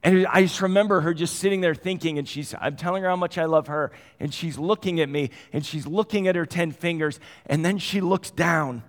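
Man preaching, middle-aged, slightly high voice, conversational storyteller, long hall reverb. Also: brisk, hardly any pauses. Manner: conversational storytelling, swinging from quiet to animated. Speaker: pastor. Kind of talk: sermon.

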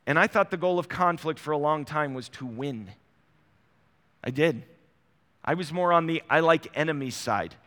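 A man's voice: fairly high pitch, animated, moderate pace, pauses often, a bit bright. A middle-aged man preaching a sermon as pastor, in a conversational way that acts out small everyday dialogues. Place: church sanctuary. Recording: long hall reverb.

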